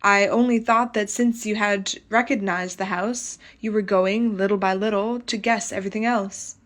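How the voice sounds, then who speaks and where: Woman voicing a calm husband, coaxing his scared wife along, patient tone. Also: medium pitch, normal speed, lightly acted. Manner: steady, reassuring, coaxing.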